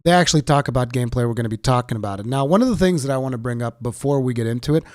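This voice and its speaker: A man's voice: mid-range voice, rapid-fire, darkish tone, no room sound, studio quality. A man with a sick voice giving casual, opinionated gaming commentary with sarcastic asides.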